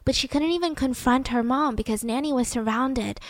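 A young woman hosting a podcast, retelling a true-crime story in a chatty, animated way. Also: high voice, brisk, no echo. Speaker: podcast host.

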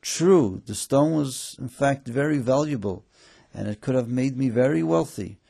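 A man's voice: medium pitch, unhurried, vocal fry, warm tone, breathy edge. A man doing a firm wise old rabbi. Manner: firm and emphatic. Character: wise, firm older male rabbi, principled.

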